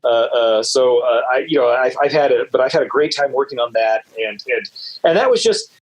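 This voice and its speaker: Husky-voiced man telling rambling stories. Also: normal speed, poor audio. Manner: rambling, lots of "uh, uh" and repeated words; animated, jumps up in pitch when quoting people. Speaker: guest author. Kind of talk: casual interview storytelling.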